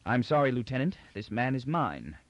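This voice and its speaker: Man reading a calm defiant young hero. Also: medium pitch, normal speed, dry recording, lightly acted. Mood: firm. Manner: steady, firm, calmly assertive. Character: bold young male trader, coolly defiant. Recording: dull dry audiobook recording.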